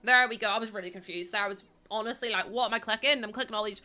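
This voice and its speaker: Bright chatty young woman streamer. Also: mid-range voice, fast, faint music behind. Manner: chatty, talks to game characters and chat, laughs often. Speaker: streamer playing a life-sim game. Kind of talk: casual livestream chat while playing.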